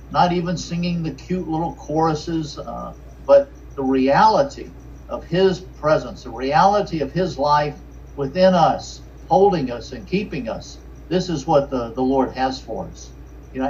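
A man, a pastor from Richmond preaching an earnest sermon with halting restarts and fillers. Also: fairly high pitch, darkish tone. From Richmond, Virginia. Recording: distant, dull lo-fi mic with faint noise.

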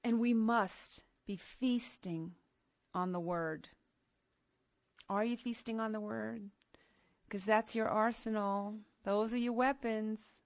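A middle-aged woman preaching to a women's gathering, emphatic and animated, moving from soft asides to loud outbursts. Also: medium pitch, dry recording. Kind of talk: sermon.

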